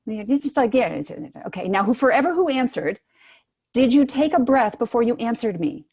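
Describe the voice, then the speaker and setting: A woman voice teacher giving brisk, encouraging instructions to singers in an online workshop, heard over a video call microphone. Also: fairly high pitch, expressive, darkish tone, slightly rough. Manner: brisk, encouraging coaching with spoken demonstrations.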